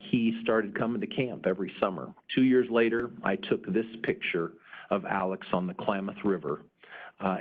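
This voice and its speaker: A man's voice: low voice, slightly rough. A middle-aged man presenting at a conference, telling a story earnestly with frequent "uh" fillers. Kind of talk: storytelling talk. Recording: narrow phone-like sound.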